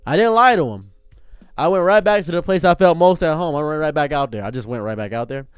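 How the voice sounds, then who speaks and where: Male storyteller, upbeat and animated, raised pitch, dry studio-close sound with faint background music. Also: fast talker, smooth, no room sound. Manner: animated, swings between loud outbursts and low mutters; acts out dialogue in his telling. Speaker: commentary streamer. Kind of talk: casual storytelling.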